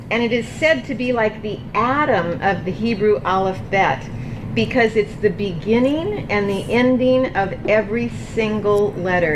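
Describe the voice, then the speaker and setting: Slow, patient woman teaching the alphabet. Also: mid-range voice. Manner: leads viewers to repeat sounds and words aloud. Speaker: Hebrew teacher. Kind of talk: beginner Hebrew alphabet lesson. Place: ministry office. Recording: noisy background.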